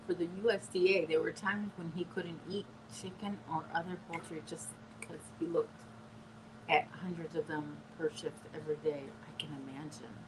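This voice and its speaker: A woman with a Chicago accent co-hosting a casual live chat, chatty and quick to laugh. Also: deep voice, fairly even intonation, background noise. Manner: chatty, laughs easily, coos at a pet. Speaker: co-host of a live chat stream.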